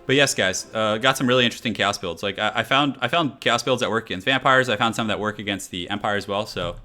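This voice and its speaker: A man's voice: fairly low pitch, fast talker, few pauses, sharp tone, soft background music. A young man casually commenting on his live game stream, chatting loosely and answering chat as he goes. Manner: chatty, reads chat aloud, many fillers.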